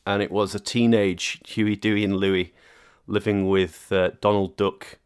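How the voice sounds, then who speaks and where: A man hosting a casual chat podcast, animated and jokey, laughing often and leading into new topics. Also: fairly low pitch, a little slow, smooth. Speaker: podcast host.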